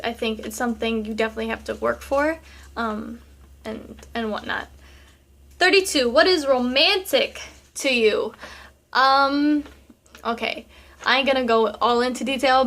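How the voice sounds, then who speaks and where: Young woman vlogger, kinda high voice, sassy and chatty, lots of um and like. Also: gravelly, a bit bright. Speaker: vlogger answering viewer questions. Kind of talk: casual chat.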